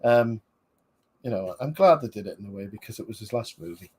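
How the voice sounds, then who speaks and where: A man's voice: lowish voice, expressive, fairly quick, a little mellow, slightly rough. Man, casual film commentary, rambling, filler words. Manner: rambling, chatty, many fillers. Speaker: podcast host.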